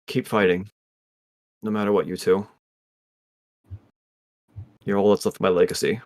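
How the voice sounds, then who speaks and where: A man doing a quiet, defeated captive. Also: on the low side, flat delivery, moderate pace, natural voice. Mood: subdued.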